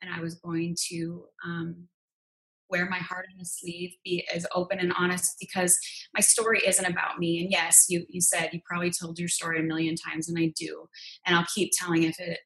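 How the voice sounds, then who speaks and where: A woman's voice: fairly low pitch, little pitch movement, moderate pace, a bit bright, rough recording. A woman being interviewed, telling her personal story in an earnest, open, confessional way. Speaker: interview guest.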